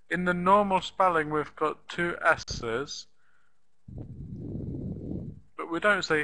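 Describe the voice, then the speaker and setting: Man, English teacher, very slow, patient, repeats words, spells them out, bright voice. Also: a little high, rough recording. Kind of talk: online English lesson.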